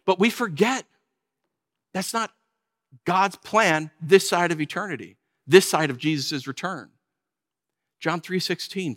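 A man preaching a sermon, animated and acting out whiny voices to make his points. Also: on the high side, big-room sound. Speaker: pastor.

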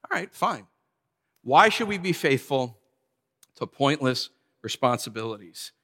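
A man in his thirties preaching a casual storytelling sermon as pastor, animated and acting out voices from his stories. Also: medium pitch, unhurried. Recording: long hall reverb.

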